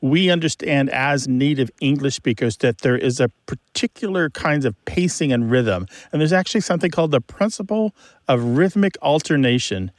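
A man with a gravelly edge to his voice explains language points with eager enthusiasm. His voice is close and dry in a studio, and he talks like a host on a call-in show. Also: mid-range voice, dry recording. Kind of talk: explanatory radio talk.

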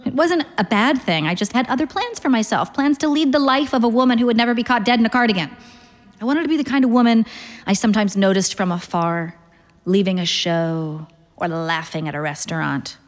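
A woman in her thirties reading a literary short story aloud in a dry, deadpan, wry manner. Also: fairly high pitch, fairly quick, big-room sound. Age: 30s. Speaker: narrator.

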